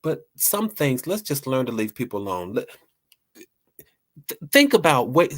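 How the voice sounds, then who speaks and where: A man's voice: medium pitch, expressive, normal speed. A man hosting a talk show, speaking lightheartedly to his listeners and often restarting and repeating words as he rambles. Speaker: host.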